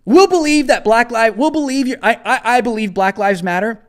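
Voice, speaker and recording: A man with a notably high-pitched voice hosts a live commentary show. He talks bluntly and combatively and hammers his points by repeating phrases. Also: a little fast. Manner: emphatic, repeats phrases for emphasis. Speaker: host.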